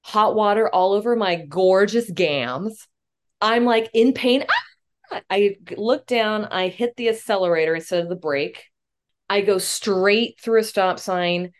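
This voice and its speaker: A young woman spins a self-mocking story as a podcast guest, lively and quick to swear. Her pitch sits in a middle range for a woman, and her delivery is animated, with the timing of a comic actress. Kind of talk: casual interview storytelling.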